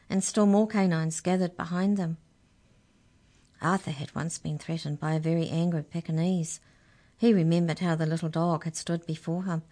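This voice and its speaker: A woman reading a children's storybook aloud in a measured, unhurried way. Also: fairly low pitch, mellow.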